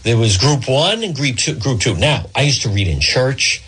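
A man's voice: medium pitch, lively intonation, moderate pace, fairly bright tone, slightly rough, low-quality recording. A middle-aged man from Rhode Island hosting a talk radio show, telling a rambling, digressive story in a monologue.

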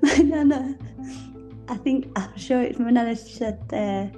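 A woman's voice: a little high, a little slow, dark tone, soft background music. A woman with a British accent co-hosting a casual podcast, playful and self-mocking. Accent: British English. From United Kingdom. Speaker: podcast co-host.

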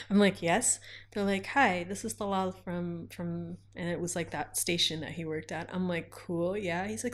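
A woman in her twenties, a radio host, telling a story in a casual interview. She talks in an animated way, laughs often and acts out the voices of the people she quotes. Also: medium pitch, normal speed.

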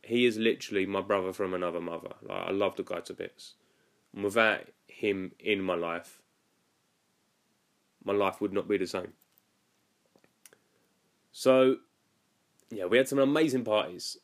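A man's voice: sits low, unhurried, pauses often. A young man telling a story about his cruise ship job in a casual, rambling and chatty way. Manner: rambling, chatty, lots of "like" fillers. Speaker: former cruise ship youth activities worker.

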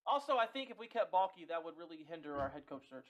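A young man co-hosting a sports podcast, talking in animated, profane casual chat and laughing often. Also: a little high, quick pace, muffled recording. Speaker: podcast co-host.

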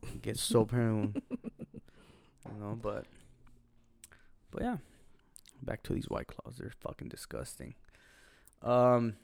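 Gravelly young man telling a wild story. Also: fairly low pitch, slow, long pauses, no echo. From Los Angeles. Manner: profane, animated storytelling with laughs. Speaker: podcast co-host. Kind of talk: casual chat, storytelling.

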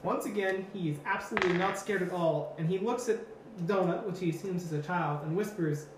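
A woman running a tabletop game as game master, narrating in a lively, laughing way. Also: lowish voice. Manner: lively, laughing, quick asides. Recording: echoey room with background noise.

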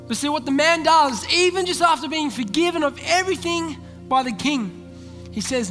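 A man's voice: very high-pitched, normal speed. Man, pastor, sermon, acts out story lines, long hall reverb, music behind. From Australia. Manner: storytelling, acting out the characters' lines. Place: large church hall. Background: soft background music.

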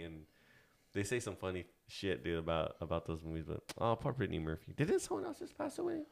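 A man's voice: on the low side, wildly swooping pitch, fairly quick, vocal fry, a bit bright. A man in his thirties co-hosting a casual podcast, rambling and swearing freely, with lots of fillers. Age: 30s. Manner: loose, profane and rambling, with many fillers. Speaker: podcast co-host.

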